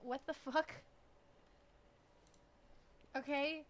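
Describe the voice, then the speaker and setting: Woman streamer, high voice, bright tone, cursing, blunt, excitable, casual game commentary, close mic. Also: normal speed, a little hiss or hum. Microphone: close desk mic.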